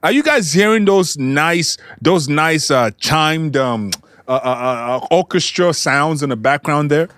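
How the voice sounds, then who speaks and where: A man's voice: on the high side, expressive, measured pace. A man hosting a music reaction video, chatting casually and singing along to lyrics he tries to sound out. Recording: loud music playing underneath. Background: loud hip hop music.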